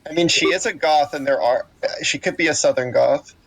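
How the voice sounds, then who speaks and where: Teasing guy, gravelly voice, keeps repeating jokes at the game table. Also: fairly high pitch, a little fast, a bit bright, rough recording. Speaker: player. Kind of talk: casual tabletop game chat.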